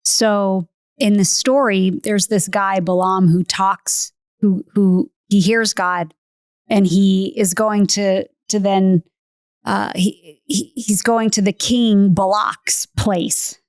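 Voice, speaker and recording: A woman's voice: mid-range voice, steady tone, takes it slowly, darkish tone, no room sound, studio quality. A woman hosting a podcast, telling a story in a casual, earnest way. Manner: earnest, retells with acted quotes. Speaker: podcast host.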